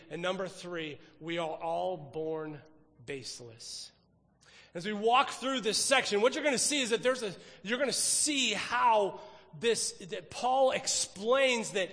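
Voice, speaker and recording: A man's voice: high voice, a bit bright, big-room sound. A man preaching a sermon, emphatic, repeating phrases for stress. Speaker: pastor.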